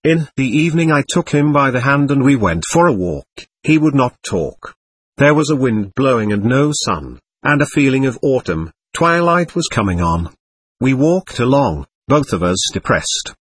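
A man's voice: mid-range voice, big pitch swings, normal speed, husky, no room sound. A man voicing a poor, proud, grieving captain who tells his story with bitter emotion.

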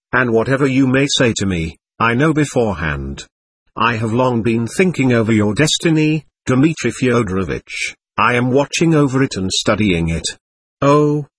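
A man voicing a gushing, domineering middle-aged lady who lectures and talks over others, with a husky voice. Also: mid-range voice, a bit bright.

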